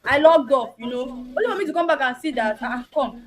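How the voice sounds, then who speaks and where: Gushing young-sounding woman, high voice. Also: animated, a little fast, a crowd in the background. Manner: gushing, breathless, laughing and tearful. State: emotional. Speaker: contest winner. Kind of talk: emotional thank-you speech.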